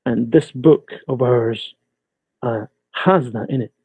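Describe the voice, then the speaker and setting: A man from Scotland, giving a measured, explanatory webinar lecture as a guest speaker over a video call. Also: mid-range voice, breathy edge, dry recording. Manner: measured, explanatory, pausing often. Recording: tinny, dry video-call audio.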